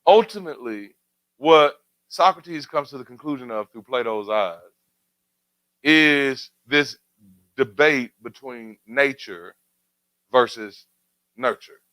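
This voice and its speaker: A man's voice: medium pitch, animated, slow, pauses often, sharp tone, no room sound, poor audio. A man hosting a community talk show, speaking in a preacherly way with rhetorical questions and building emphatic refrains. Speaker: radio show host. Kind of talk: community talk radio commentary.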